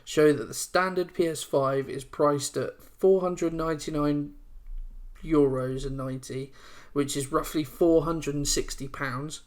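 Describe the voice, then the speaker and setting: A man's voice: a little high, fairly even intonation, unhurried. A young man in his twenties co-hosting a casual gaming podcast, chatting loosely and stumbling a little when he reads aloud. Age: 20s. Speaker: podcast co-host. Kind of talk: casual chat.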